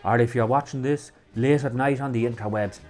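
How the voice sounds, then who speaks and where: A man voicing a jolly stage-Irish character with an exaggerated fake Irish brogue, loud and theatrical. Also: medium pitch, a little fast, soft background music, close to an everyday voice.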